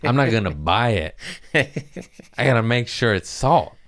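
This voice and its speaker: This male podcast host has an expressive mid-range voice at normal speed. His talk is a rambling comedic monologue full of absurd tangents and profanity, and he's entertained by his own jokes.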